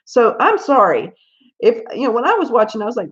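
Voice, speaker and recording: On slightly dull lo-fi stream audio, a Southern American woman runs a relaxed coloring livestream, telling stories and laughing through plenty of asides. Her voice is fairly high, very lively, and fairly quick.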